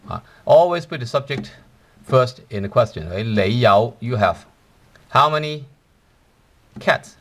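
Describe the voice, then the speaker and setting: A man's voice: medium pitch, fairly bright tone. A man teaching a language lesson, explaining patiently with many fillers and tag questions.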